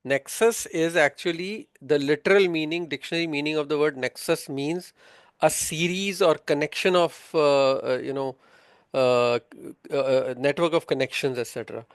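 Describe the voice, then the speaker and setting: A man's voice: fairly high pitch, steady tone, moderate pace, clear, resonant tone, no echo, studio quality. A man teaching a tax course, explaining patiently, quizzing his students, with many filler sounds. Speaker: tax instructor. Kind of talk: interactive online lesson.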